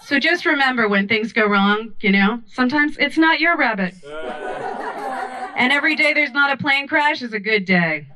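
A woman's voice: high-pitched, moderate pace, crowd noise. A woman performing a stand-up comedy set on a club stage, telling stories animatedly into a handheld mic. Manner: animated storytelling with many voices.

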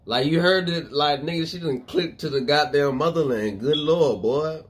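A man hosting a reaction video, commenting on a clip in a loud, profane, laughing way. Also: a little high, moderate pace.

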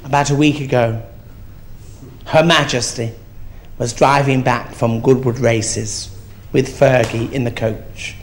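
A man's voice: mid-range voice, steady tone, a little slow, long pauses, slight background noise, close to an everyday voice. A man playing a crude, gossiping old granny in a live stand-up act, camp and swearing freely. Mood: gossipy. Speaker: drag comedian. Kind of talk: live stand-up comedy in character. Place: theatre stage before an audience.

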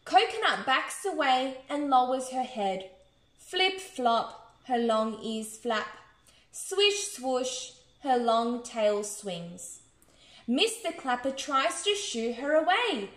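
A woman's voice: sits high, slow. Sing-song Australian woman reading aloud. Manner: expressive, sing-song, with sound effects. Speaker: children's storyteller. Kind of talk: bedtime story reading. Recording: echoey room.

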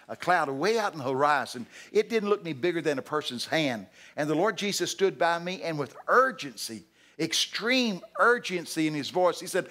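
A man in his sixties preaching a sermon in a folksy, dramatic way, his voice leaping high and loud for emphasis. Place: church sanctuary.

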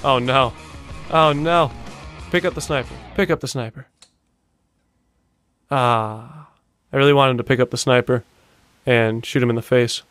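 A young man hosting a video-game montage reaction, talking casually, swearing often and bursting out in excited disbelief. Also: medium pitch, a little slow, pauses often, soft background music. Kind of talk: casual gaming reaction commentary.

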